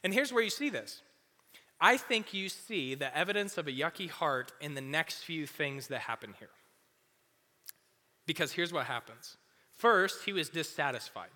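A young man giving a casual youth sermon as a youth pastor, chatty and full of "like", acting out quick little voices. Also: fairly high pitch, animated, bright, forceful tone. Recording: long hall reverb.

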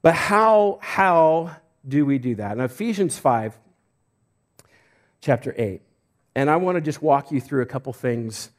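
Casting note: middle-aged male pastor from Idaho, slightly high voice, loose conversational preaching full of restarts and little jokes. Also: animated, measured pace, pauses often. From Idaho, United States. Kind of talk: sermon.

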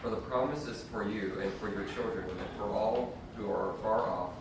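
A man in a class reading scripture aloud, steady with small restarts. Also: fairly low pitch, normal speed, vocal fry. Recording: distant roomy recording with background noise.

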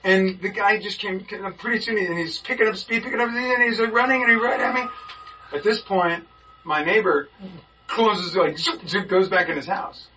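A man with a bright, forceful voice tells a story to a group, slipping into the voices of the people in it. He sounds far from the mic, and the recording is a little muffled, with faint hiss behind him. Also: sits high, moderate pace. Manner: lively, acts out the people in his story. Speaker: Bible study group member. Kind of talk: animated storytelling in a group discussion.

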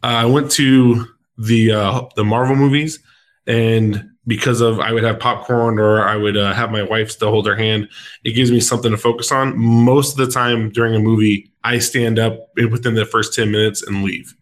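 A man's voice: on the low side, little pitch movement, moderate pace. A man who coaches sports, hosting a casual podcast chat in an upbeat, playful way with frequent fillers.

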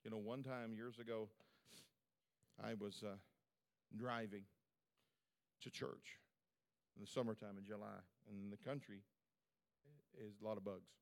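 A man's voice: fairly low pitch, steady tone, measured pace, vocal fry, long pauses. A male pastor preaching a sermon at a church service in a fervent, conversational way, with lots of repetition.

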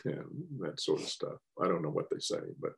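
A man's voice: extremely low pitch, sing-song, a little fast, gravelly. An older man, a guest, telling a rambling, wry story in casual chat.

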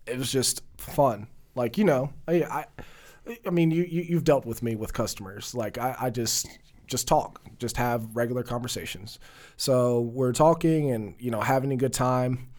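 A young man in a relaxed talk show, spinning a long anecdote. He laughs often and slips into voices for the people in his story. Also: medium pitch. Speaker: podcast co-host. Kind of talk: casual storytelling chat.

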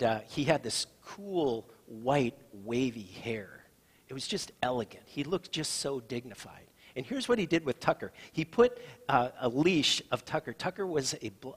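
A middle-aged man preaching a sermon as pastor, telling a story and moving between loud and soft delivery. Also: mid-range voice, husky, big-room sound.

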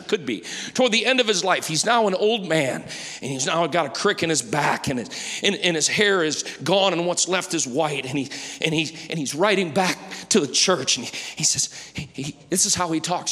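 Man preacher, sermon; emphatic, forceful, fairly high voice, shouts to whispers; reverberant church hall. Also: breathy edge.

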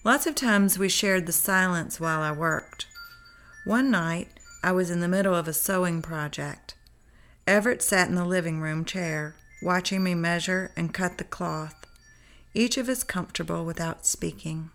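A woman telling a personal memoir in a calm, unhurried storytelling voice. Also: on the low side. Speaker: narrator. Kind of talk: memoir read-aloud narration.

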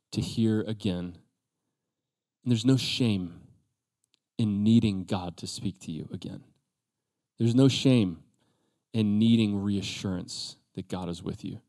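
A male pastor preaching a sermon, acting out quoted voices and dropping to a soft, quiet tone at times. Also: fairly low pitch. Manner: drops to a soft, quiet voice for reassurance.

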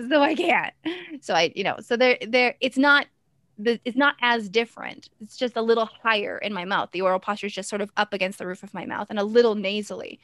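A woman's voice: medium pitch, brisk, a bit bright, no echo, clean studio sound. A young adult woman performer talking in an interview with a staccato, teacherly rhythm, stopping abruptly and coming back in. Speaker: character performer. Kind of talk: interview conversation.

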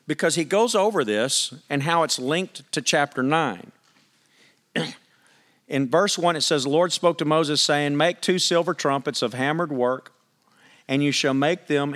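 Here a pastor preaches, reading from scripture and posing questions to the congregation in a conversational yet emphatic manner. His male voice is fairly high-pitched and a bit bright.

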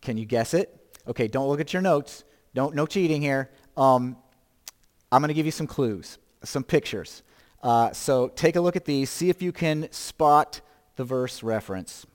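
A man's voice: mid-range voice, lively intonation, measured pace, big-room sound. A man in his fifties preaching a sermon as pastor, conversational, asking the listeners questions and joking about himself. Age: 50s. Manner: conversational, self-deprecating humor, rhetorical questions.

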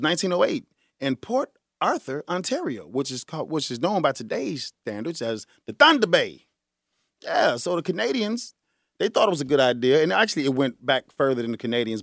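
A man hosting a casual solo podcast, animated and joking, who laughs often, breaks into bits of song and calls his listeners y'all. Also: medium pitch, no room sound, clean studio sound. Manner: folksy slang, addresses listeners as y'all. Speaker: podcast host.

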